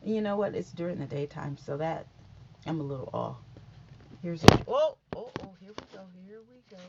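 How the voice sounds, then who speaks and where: A woman's voice: on the low side, moderate pace, vocal fry, dull audio, background noise. A woman, vlogging a casual news recap, chatty and scattered, talking straight to her viewers. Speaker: YouTube vlogger.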